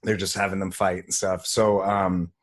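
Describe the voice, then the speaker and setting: A man's voice: sits low, level tone, normal speed. A man co-hosting a podcast, recapping a movie in casual chat, laid-back, swearing and laughing often. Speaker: podcast co-host.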